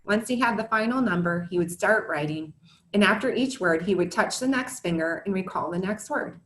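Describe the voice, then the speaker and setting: A woman's voice: medium pitch, expressive, moderate pace, fairly bright tone, roomy sound. A woman in her thirties, a former teacher and parent, giving a prepared talk to parents in an earnest, scripted manner with candid asides. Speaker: educator and parent presenter.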